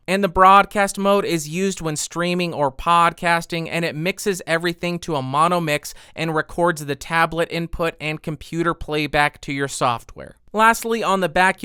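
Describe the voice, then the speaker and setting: A man walking through the features of an audio interface and its software in a matter-of-fact way. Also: on the high side, dry recording, clean studio sound. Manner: clear, matter-of-fact explaining. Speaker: gear reviewer. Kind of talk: product walkthrough.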